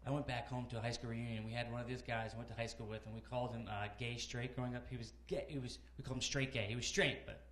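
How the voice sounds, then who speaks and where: A man in his thirties doing a conversational stand-up set in a comedy club, animated storytelling with acted-out characters. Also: mid-range voice, fast, few pauses, reverberant, slight background noise. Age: 30s. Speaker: stand-up comic.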